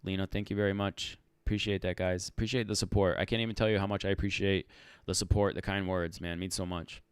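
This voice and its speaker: A man hosting a casual livestream Q&A for rideshare drivers, animated and talking in fits and restarts. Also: deep voice, fast talker, hardly any pauses, clean tone, no echo. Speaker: rideshare channel host answering live chat.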